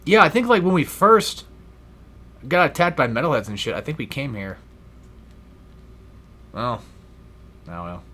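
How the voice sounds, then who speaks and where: A man's voice: medium pitch, expressive, unhurried, long pauses, pushed and bright. A young man giving casual gameplay commentary, rambling and swearing freely with self-deprecating asides. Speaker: let's play gamer.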